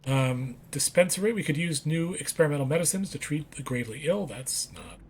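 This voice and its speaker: A man talks through a strategy game in a relaxed, casual way, reading out prompts and correcting his own words. His pitch moves a lot, rising and dipping as he reacts, with a faint hiss of noise behind him. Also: brisk. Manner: reads on-screen text aloud, corrects himself. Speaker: let's play gamer. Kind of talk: casual gameplay commentary.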